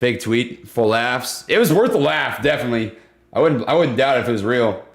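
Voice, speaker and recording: Excitable man hosting a stock live stream. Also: mid-range voice, moderate pace. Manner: excitable, easygoing, laughs often, slangy. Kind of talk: casual live-stream chat and stock commentary. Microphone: desk condenser microphone.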